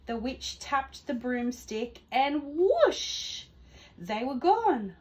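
A woman, a teacher, reading a rhyming picture book aloud to children at home in a gentle, expressive way. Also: sits high, extremely slow. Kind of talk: read-aloud storytelling for children.

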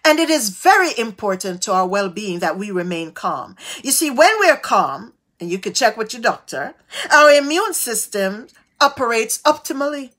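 A woman preaching a devotional sermon, tossing out call-and-response asides with sudden swings of pitch and loudness. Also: big pitch swings. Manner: slow, drawn-out delivery.

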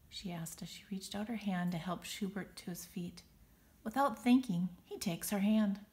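A woman reading a children's picture book aloud, expressive and dramatic on the sound words. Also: mid-range voice, moderate pace. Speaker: storybook reader.

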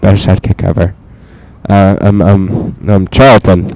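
A young man giving profane, excitable let's play commentary, talking to himself as he plays. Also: deep voice, unhurried. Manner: profane, excitable, talks to himself while playing.

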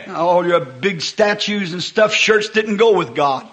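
A man preaching a sermon at a church service, swinging from hushed, folksy talk to sudden impassioned shouts. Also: high voice, expressive, unhurried. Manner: folksy, homespun phrasing. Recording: echoey old church sermon recording.

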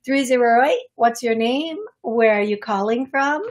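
Effusive psychic host, higher-pitched woman. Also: measured pace. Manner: affectionate, effusive, calls callers love. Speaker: psychic medium radio host. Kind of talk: call-in radio show.

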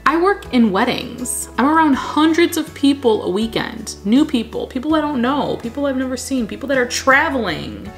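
A woman's voice: sits high, animated, normal speed, few pauses, soft background music. A woman chatting candidly in a casual question-and-answer vlog, laughing often. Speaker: plant vlogger and wedding photographer.

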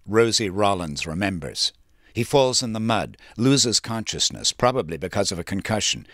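A man's voice: on the low side, fairly bright tone, no room sound, clean studio sound. A man narrating a documentary program in a plain storytelling summary.

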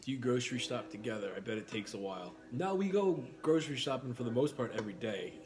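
A man's voice: medium pitch, animated, fast talker. A man from New York with a New York accent, hosting a casual food livestream, eating and reading out viewer comments in an easygoing way.

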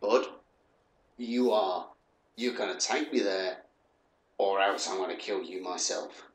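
A man hosting a let's play, commenting on the game in a jokey, animated way with frequent exclamations. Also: sits low, unhurried, roomy sound. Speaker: gaming host.

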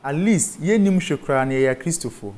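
A Ghanaian man with a slightly high voice speaks as a studio interview guest. He explains online safety in a patient, step-by-step way and spells technical terms out letter by letter. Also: animated, quick pace, darkish tone. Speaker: cybersecurity guest.

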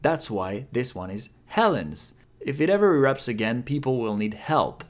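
A man's voice: medium pitch, lively intonation. A man teaching Japanese writing in a playful, scripted lesson, drawing out example sounds. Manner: playful, with drawn-out demo pronunciations.

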